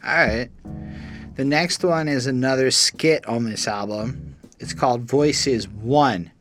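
A blunt man talks through an album in casual, profane chat. He is animated and opinionated, with faint music running quietly behind him. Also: medium pitch, takes it slowly. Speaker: album review co-host.

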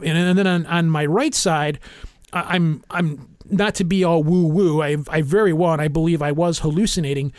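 High-voiced man telling a story, dry sound. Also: normal speed, no room sound. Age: middle-aged. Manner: animated, acts out quotes in a raised voice. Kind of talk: casual storytelling chat.

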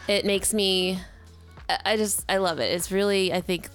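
A woman's voice: medium pitch, steady tone, normal speed, soft background music. Chatty woman reminiscing with friends. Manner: chatty, laughs often, full of fillers. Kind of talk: casual chat.

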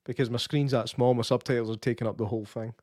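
A man's voice: mid-range voice, steady tone, fast talker, a little mellow, dry recording, clean studio sound. A man with a Scottish accent, co-hosting a casual podcast chat with wry, teasing banter. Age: adult, has a son. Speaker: podcast co-host.

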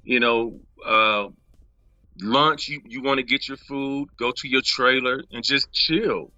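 In a dry recording with the highs cut off, the actor speaks at a slow pace and medium pitch. He relays anecdotes from a shoot casually, often laughing and acting out what people said.

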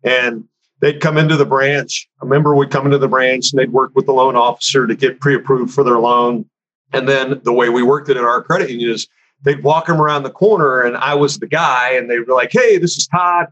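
A man casually telling a story from his career, animated and conversational, acting out what other people said. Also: mid-range voice, a little fast, lo-fi sound. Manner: animated, acts out other people's lines in a raised voice; conversational, frequent fillers like "you know" and "man".

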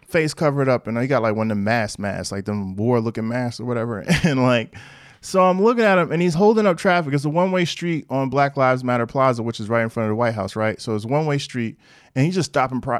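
Man, podcast host, casual slangy storytelling, mid pitch, dry close sound. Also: fast talker, no echo. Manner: animated storytelling with slang and asides. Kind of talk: casual monologue.

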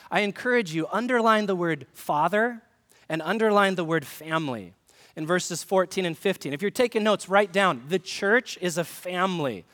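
In a church sanctuary with a big-room sound, a man with a high, fairly bright voice speaks. He's a pastor delivering a conversational sermon full of humor, putting direct questions to the congregation.

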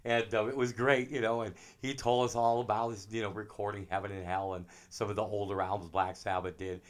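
A middle-aged man, a drummer, telling animated anecdotes in a casual interview. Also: on the low side, brisk. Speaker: drummer guest.

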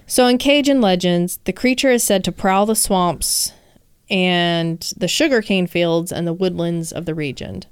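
Woman cohost joking around, reading out legends, super clear voice. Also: lowish voice, a little slow, dry recording, clean studio sound. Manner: playful, reads legends aloud, jokes. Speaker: podcast co-host. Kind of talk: casual chat about folklore.

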